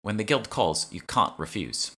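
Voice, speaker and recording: A man voicing a sarcastic young woman with a British accent who teases with quick quips. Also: lowish voice, animated, creaky, bright, forceful tone, pitched above the performer's own voice, full character voice. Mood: wry.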